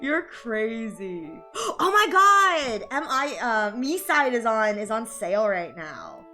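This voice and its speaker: A woman's voice: on the high side, big pitch swings, a little slow, a bit bright, soft background music. A young woman chatting casually on a live art stream, giggly and playfully anxious as she talks to her chat.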